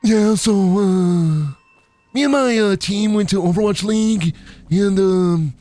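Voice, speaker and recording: A man voicing an awkward, rambling teenage gamer boy who talks haltingly. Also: high voice, mellow, dry recording, soft background music, voice pushed up. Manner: halting, full of uhs, nerdy.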